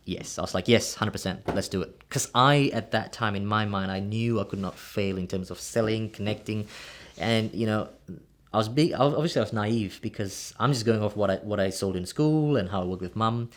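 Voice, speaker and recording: Man, rapid speech, lowish voice, animated storytelling, acts out dialogue. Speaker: guest, real estate coach. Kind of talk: casual storytelling in an interview.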